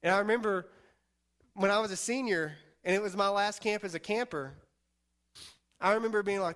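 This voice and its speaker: A man's voice: high-pitched, fairly quick, pauses often, a bit bright. A young man preaching an informal sermon to a youth group as their pastor, telling stories in a chatty way full of fillers and acted-out quotes. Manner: chatty storytelling, many fillers, acts out quotes.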